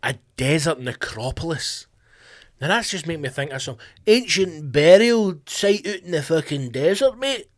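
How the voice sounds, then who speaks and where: Scottish male podcast host, middle-aged, highish voice, dry close sound, sweary animated rant. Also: moderate pace, dry recording. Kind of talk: profane comedic rant.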